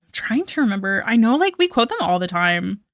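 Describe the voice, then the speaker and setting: Her mid-range voice swings widely in pitch, runs a little fast, and has a fairly bright tone, heard as clean studio sound with no room sound. She's a woman in her thirties on a casual drawing livestream, rambling, laughing often, and quoting memes in put-on voices.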